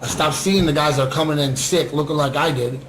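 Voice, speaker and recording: A man's voice: on the high side, brisk, reverberant, slight background noise, rough recording. Earnest man talking into a webcam. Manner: earnest, repetitive, asks "right?" often. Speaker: recovering addict sharing his story. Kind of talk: unscripted livestream monologue. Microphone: webcam or phone on a screen.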